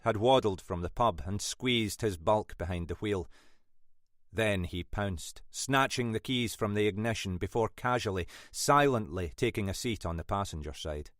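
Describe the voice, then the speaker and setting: A male audiobook narrator with a low voice, telling a thriller in a measured, dramatic way. The recording is dry and close to the mic. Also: a bit bright, no room sound. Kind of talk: scripted narration.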